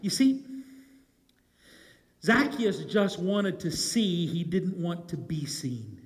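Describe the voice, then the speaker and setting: A man preaching a sermon, telling the story with animation and swinging from loud calls to hushed, low lines. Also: big pitch swings, takes it slowly. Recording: long hall reverb.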